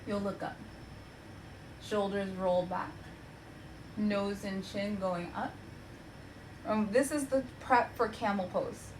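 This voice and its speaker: A young woman teaching a yoga class from home, giving gentle cues with chatty, encouraging asides. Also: medium pitch, a little hiss or hum, low-quality recording. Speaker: yoga instructor. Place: home practice space.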